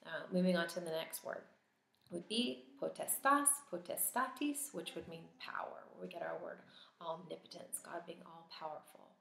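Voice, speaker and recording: A woman teaching a Latin vocabulary lesson, patiently sounding out each word form and pausing for the listener to repeat. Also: on the low side, creaky, a bit bright. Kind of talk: recorded vocabulary lesson with drills. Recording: echoey room.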